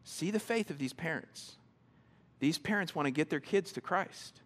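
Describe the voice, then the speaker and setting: Male pastor, conversational sermon, a little high-pitched, animated and repetitive in his phrasing. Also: moderate pace. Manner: animated, acts out quoted reactions in a higher voice; conversational, repeats words when starting sentences.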